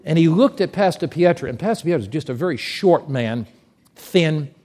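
Guy preaching a sermon, tells stories, gets emphatic, kinda higher voice. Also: normal speed. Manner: emphatic, animated storyteller. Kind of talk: sermon with storytelling.

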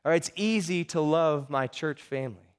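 A man's voice: fairly high pitch, normal speed, smooth. A man preaching a sermon as pastor, earnest and often repeating words as he builds a point.

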